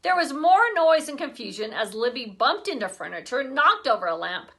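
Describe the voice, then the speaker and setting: A woman's voice: sits high, big pitch swings, normal speed, pushed and bright. A woman teacher reading a children's chapter book aloud expressively, breaking off for chatty asides to her class.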